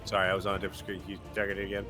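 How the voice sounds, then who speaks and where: A man's voice: deep voice, completely flat delivery, very fast. A man running a tabletop game as game master, describing attacks and correcting his own rules calls. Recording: faint music under the voices.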